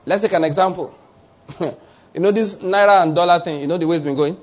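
A middle-aged Nigerian man preaching a sermon, animated, stretching key words for emphasis and chuckling between points. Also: high-pitched, fast. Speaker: pastor.

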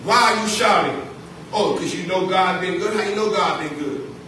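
A man's voice: high-pitched, moderate pace, sharp tone. A man preaching a sermon from the pulpit as pastor, repeating key phrases and calling out to his congregation. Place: church sanctuary. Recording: echoey church hall, distant mic, faint noise.

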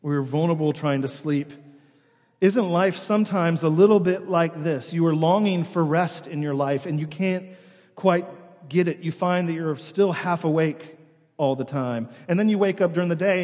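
A man's voice: fairly high pitch, normal speed. A man preaching a sermon in a church, reading scripture and then telling stories conversationally. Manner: conversational storytelling with animated imitations. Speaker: pastor. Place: church sanctuary. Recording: long hall reverb.

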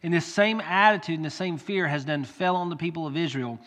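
A man's voice: fairly high pitch, brisk, few pauses. Earnest preacher man in a reverberant hall. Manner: earnest, rises to loud pleading when quoting. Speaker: pastor. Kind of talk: sermon. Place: church sanctuary. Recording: long church hall reverb.

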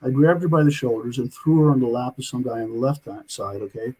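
An older man tells a story in a loose, rambling way and checks in with "okay?" after nearly every point. His voice is husky and mellow. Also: mid-range voice, fairly even intonation, fast, poor audio. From United States. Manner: rambling, tags many sentences with "okay?". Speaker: author, interview guest. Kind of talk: casual storytelling in an interview.

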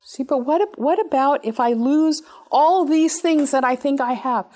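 Animated woman preaching a sermon. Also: moderate pace. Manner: animated, playful with sudden high exclamations. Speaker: speaker giving a talk.

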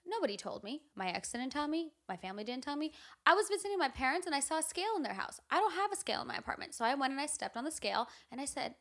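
A young woman co-hosting a casual chat, telling a story with lively, swearing candor. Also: high-pitched. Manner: animated storyteller, swears freely. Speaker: podcast co-host.

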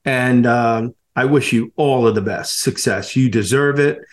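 A man's voice: medium pitch, unhurried. A man hosting a podcast interview in a casual, effusive way, laughing often and repeating his words. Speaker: podcast host.

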